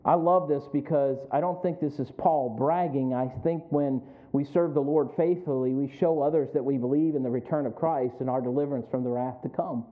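A man's voice: mid-range voice, fairly even intonation, a little fast, few pauses. A man preaching a sermon as pastor, moving from reflective memories to fervent exhortation and repeating lines for emphasis. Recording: phone-like narrow sound.

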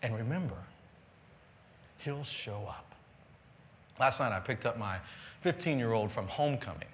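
A male pastor preaching a sermon to a live congregation, telling stories and swinging between loud excitement and quiet earnestness. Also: medium pitch, measured pace, a little hiss or hum. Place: church sanctuary with live congregation.

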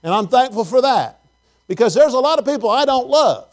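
A man's voice: very high voice, animated, fairly quick. A man preaching a conversational sermon to his congregation in church, folksy and full of questions to the people in the pews. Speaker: pastor.

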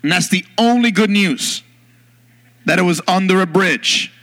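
A man preaching a sermon in church, telling a story with lively acted-out moments. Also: sits high, unhurried. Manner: animated storyteller, bursts into loud yelling in acted scenes. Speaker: pastor.

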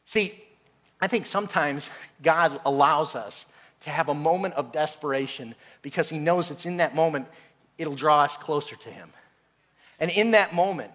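A middle-aged man preaching a sermon, telling stories in an animated way and laughing through the funny parts. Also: on the high side, moderate pace. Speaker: pastor.

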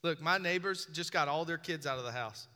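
A man's voice: on the high side, brisk, sharp tone. A man preaching a sermon as a pastor, conversational and joking, often putting questions to the congregation. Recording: long reverb of a large hall.

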